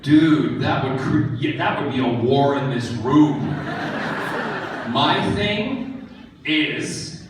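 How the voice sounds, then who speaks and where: A man answering fans' questions at a convention panel, joking and animated. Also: mid-range voice, slow pace, pauses often, recorded from a distance, noisy background. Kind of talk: casual Q&A with fans. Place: large convention hall. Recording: echoey hall, mic from afar.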